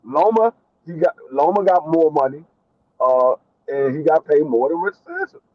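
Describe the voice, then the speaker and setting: Insistent high-voiced man arguing boxing. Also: moderate pace, dry recording, narrow, tinny audio. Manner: insistent, repeats his point. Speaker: boxing podcast co-host. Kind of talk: casual debate chat.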